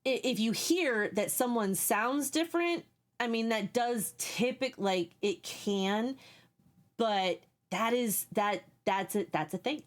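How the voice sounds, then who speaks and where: A woman's voice: a little high, lively intonation, slow. A young woman streaming live, chatting casually with her viewers and explaining things at length while she reads their messages.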